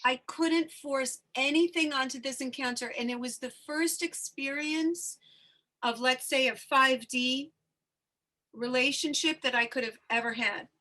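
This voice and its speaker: A woman with a high, bright voice hosts a relaxed spiritual chat. She tells a personal story in an animated way, open about her feelings and letting the emotion come through. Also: unhurried. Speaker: host.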